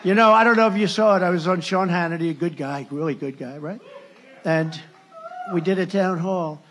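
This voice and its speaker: A man's voice: high voice, brisk, a bit bright, breathy edge. A male candidate giving a campaign rally speech, rambling and sarcastic, often breaking off mid-sentence to restart. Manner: rambling, sarcastic, with self-interruptions. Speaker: presidential candidate.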